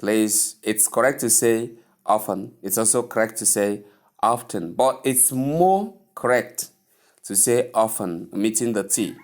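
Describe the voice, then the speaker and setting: A man with a Nigerian English accent teaching word pronunciation, saying each word again and again in a drawn-out way. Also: medium pitch, a little mellow. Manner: slow, repeats each word many times, drawn out. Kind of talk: spoken English pronunciation lesson.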